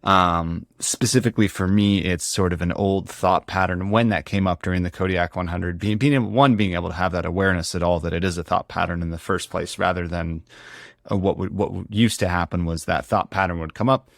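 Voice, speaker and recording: A man's voice: low-pitched, steady tone, brisk, vocal fry, dry recording, studio quality. A man speaking as an interview guest, reflective and earnest, often restarting his sentences as he searches for words. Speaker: guest ultrarunner.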